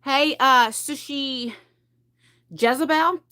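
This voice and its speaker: High-voiced chatty woman on a livestream. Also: slow pace, sharp tone. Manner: chatty, rambling, laughs often, greets viewers by name. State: a bit out of breath from carrying heavy boxes. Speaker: beauty livestream host. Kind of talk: casual live chat while decluttering makeup. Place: at home, in pajamas.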